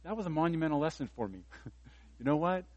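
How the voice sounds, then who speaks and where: Speaking quickly and with animation, a pastor in his fifties gives a conversational sermon, lifting his voice to stress key points and telling self-deprecating stories with easy humor. His voice sits a little high. The audio is lo-fi, dry, and close, without room echo.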